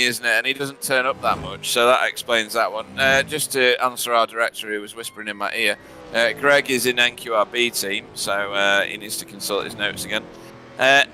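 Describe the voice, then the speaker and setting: A man's voice: medium pitch, pushed and bright. A man commentating a sim racing broadcast in a chatty, laughing way, sometimes fumbling for names. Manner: chatty, laughs often, stumbles over names. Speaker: race commentator.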